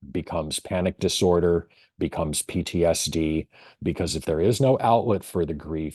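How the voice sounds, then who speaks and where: A man with a very low, mellow voice presents a webinar for veterinary colleagues. He talks in a thoughtful, storytelling way with measured pauses. The sound is dry and close to the mic. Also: slightly rough, dry recording.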